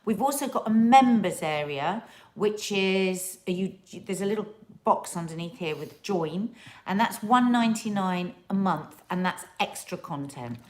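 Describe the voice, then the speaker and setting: A woman's voice: mid-range voice, animated, a little slow. Woman co-host, casual live-chat delivery, talkative and loose. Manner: chatty, drifting into put-on accents and bursts of song. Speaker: co-host of a family YouTube channel.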